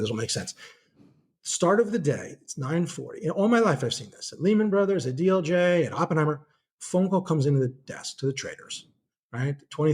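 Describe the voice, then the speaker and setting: A middle-aged man who is a guest market analyst on a casual podcast interview. He explains things as an animated storyteller and acts out trading-desk dialogue. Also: medium pitch, slightly rough.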